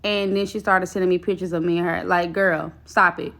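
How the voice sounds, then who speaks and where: A young woman telling a personal story in casual storytime style, blunt and expressive, swearing freely. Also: fairly low pitch, fairly quick, vocal fry.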